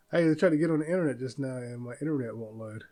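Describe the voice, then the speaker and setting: A man's voice: medium pitch, a little mellow. A man hosting a casual solo podcast, rambling and chuckling as he talks. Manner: rambling, chuckles often, loose and self-interrupting. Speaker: podcast host.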